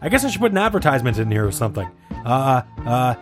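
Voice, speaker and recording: Male host, casual jokey banter, swings his pitch widely, faint music underneath. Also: very animated, fast talker. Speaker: podcast host. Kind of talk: casual chat.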